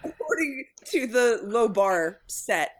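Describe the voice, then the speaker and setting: Co-host woman, high and bouncy voice, laughs a lot, exclaims, on a remote call. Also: slow pace, slight background noise. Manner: animated, laughs often, exclaims. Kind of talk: casual chat. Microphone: remote call mic.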